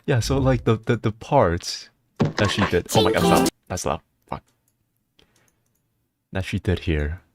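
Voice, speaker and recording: A male streamer chatting casually on a live stream, rambling and excitable, with frequent restarts. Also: a little slow, long pauses. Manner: excitable, rambling, breaks into laughter and high-pitched disbelief.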